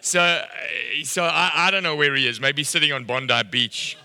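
A man's voice: fairly high pitch, normal speed, bright, forceful tone, clean tone. A middle-aged man preaching a sermon, telling a story and acting out the dialogue with animation. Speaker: pastor. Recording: long hall reverb.

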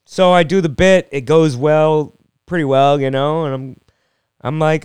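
Smooth-voiced man riffing casually. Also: a little high, fairly even intonation, measured pace, darkish tone, no room sound, studio quality. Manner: rambling, self-deprecating, jokey with frequent restarts. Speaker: comedian and podcast host. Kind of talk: casual solo podcast monologue.

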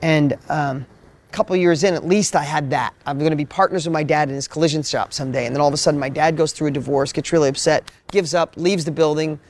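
A man telling his story on a motivational panel, energetic and full of repeated words. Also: on the high side, fast. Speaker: business coach.

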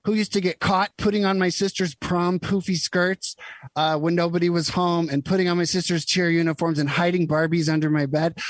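A man's voice: high voice, dry recording. A man hosting a podcast, delivering an impassioned, emphatic and emotional political monologue. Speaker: podcast host. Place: Utah.

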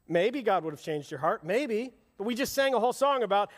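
A middle-aged man preaching a sermon as pastor, swinging from loud rousing calls to hushed, intimate asides. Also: high voice, expressive, fairly quick, few pauses. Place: church service, large hall. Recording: long hall reverb.

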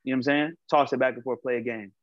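A man co-hosting a casual podcast chat, telling stories in an animated way, acting out quotes and swearing freely. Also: medium pitch, quick pace, highs cut off. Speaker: podcast co-host.

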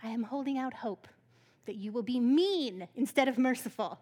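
A woman's voice: a little high, normal speed, mellow, close to an everyday voice. A woman voicing an indignant, sulking male prophet who rants with bratty exasperation at heaven. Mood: ranting.

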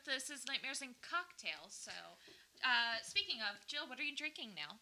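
A woman's voice: high-pitched, big pitch swings, moderate pace, bright, forceful tone. A woman hosting a podcast, playful and giggly, echoing her guests' lines. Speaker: podcast host. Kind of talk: casual podcast chat.

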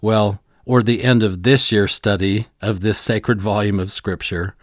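A man's voice: lowish voice, fairly even intonation, measured pace, no room sound, clean studio sound. Earnest man hosting a church-history podcast. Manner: earnest storytelling. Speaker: podcast co-host. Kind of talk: scripted podcast narration.

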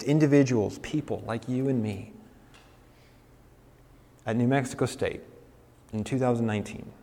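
Animated male preacher in a reverberant hall. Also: mid-range voice. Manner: animated, mimics objectors in raised voice. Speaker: campus preacher. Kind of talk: sermon.

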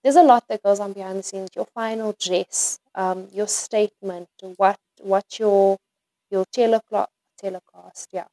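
A woman's voice: medium pitch, fairly even intonation, measured pace, mellow, dry recording, rough recording. A young woman from South Africa, a podcast guest, chatting casually with lots of "like" and "um" and frequent giggles. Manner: giggly, chatty, many fillers like "like" and "um". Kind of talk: casual interview chat.

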